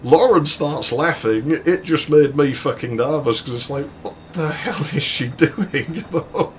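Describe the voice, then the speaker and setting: A man's voice: on the high side, measured pace, slight background noise. Rambling, sweary man. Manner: rambling, sweary, chuckling between lines. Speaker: let's play host. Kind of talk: casual storytelling while playing a game.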